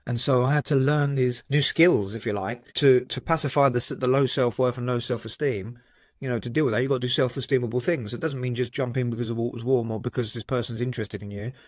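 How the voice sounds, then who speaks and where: A man from Southend, a psychotherapist guest, talking candidly in a podcast conversation, with lively storytelling, swearing and frequent "right?" tags. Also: medium pitch, quick pace, dry recording, clean studio sound. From Southend, England.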